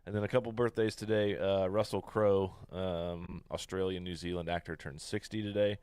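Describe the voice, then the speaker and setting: A man's voice: low-pitched, fairly even intonation, moderate pace, a little mellow, clear, resonant tone, no echo. A man with a Midwestern American accent co-hosting a casual podcast, reading history facts in a loose way and swearing freely. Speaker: podcast co-host.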